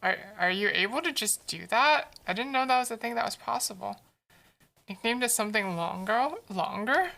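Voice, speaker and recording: Woman streamer, casual chatter, fairly high voice, gravelly edge, talks back to chat. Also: expressive, moderate pace, pushed and bright. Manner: chatty, answers chat messages aloud; playful, teasing. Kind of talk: casual live-stream chat while drawing.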